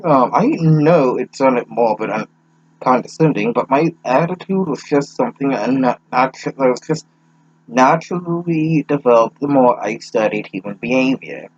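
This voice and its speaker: A man's voice: medium pitch, expressive, moderate pace, husky, dry recording, dull audio. A young man reading a fanfic aloud with sarcastic, profane asides, stumbling over words. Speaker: reader mocking a fanfic.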